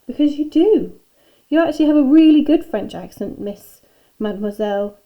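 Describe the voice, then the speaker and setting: A woman's voice: high voice, animated, normal speed, lo-fi sound, pitched above the performer's own voice. A woman reading a hesitant, polite schoolboy. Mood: nervous.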